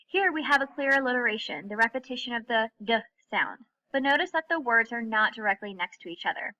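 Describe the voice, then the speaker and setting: Woman teacher, lecture delivery, bright and a little high, muffled lo-fi sound. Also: lively intonation. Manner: clear, explanatory, reads examples slowly. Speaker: English teacher. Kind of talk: recorded classroom lecture.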